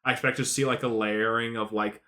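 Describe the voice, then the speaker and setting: A man's voice: lowish voice, little pitch movement, pushed and bright. Tipsy man ranting about a film. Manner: sarcastic, swears a lot, mocks characters in quick put-on voices. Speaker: podcast co-host. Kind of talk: casual film review chat.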